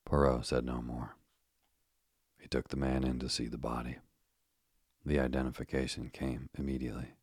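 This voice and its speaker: A man reading a first-person story aloud in a measured, steady way. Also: extremely low pitch, slightly rough, no echo, studio quality. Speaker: audiobook narrator. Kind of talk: scripted first-person narration.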